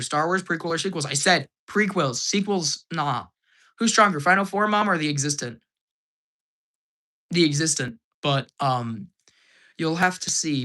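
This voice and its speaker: A man hosting a casual live stream Q&A, reading out viewer comments and answering them. He is hyper, laughs often and sounds slightly hoarse. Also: fairly high pitch, bright, forceful tone.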